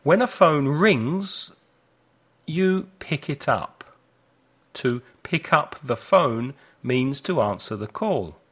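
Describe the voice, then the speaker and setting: A man leads a repeat-after-me lesson, sounding out each phrase with care. His delivery is slow, and his pitch swings widely to show the class how each line should sound. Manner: clear, deliberate modelling of phrases with lively intonation. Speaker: English teacher.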